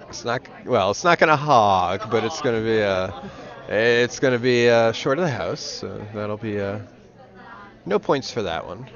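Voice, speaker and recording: A man's voice: lowish voice, animated, measured pace, a bit bright. A man giving casual, dry-humored commentary on a club curling match. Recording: dull audio with crowd behind.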